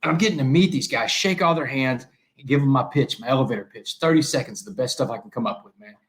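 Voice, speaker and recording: A middle-aged man tells stories at a rapid clip as an interview guest. He keeps dropping "man" into his sentences and acts out the dialogue in them. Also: mid-range voice. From Texas. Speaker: guest, motivational speaker. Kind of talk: animated storytelling in an interview.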